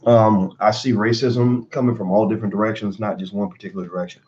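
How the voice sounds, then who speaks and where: Rambling low-voiced man in his forties. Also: steady tone, fast talker, darkish tone, highs cut off, slight background noise. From Kentucky. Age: 40s. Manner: rambling, motivational, many fillers. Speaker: motivational vlogger. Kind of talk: casual livestream talk. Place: home, indoors at a computer.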